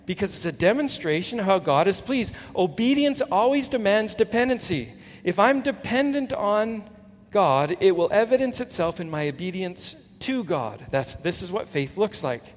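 A male pastor giving an earnest sermon, swinging from emphatic peaks to soft, low asides. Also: sing-song, moderate pace. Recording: long hall reverb, faint ambience.

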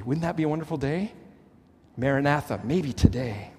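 A middle-aged man from Canada preaching a sermon as pastor, earnest and emphatic, swinging between pressing highs and hushed lows. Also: sing-song, moderate pace, breathy edge. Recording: long hall reverb.

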